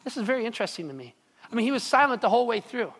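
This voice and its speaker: A pastor delivers a conversational sermon, doubling up on words and pausing to ask the congregation whether they are following. The voice sits at a middling pitch. A long reverb trails every phrase, as in a large church sanctuary. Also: sing-song, fairly bright tone. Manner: conversational, repeats words, checks in with the audience.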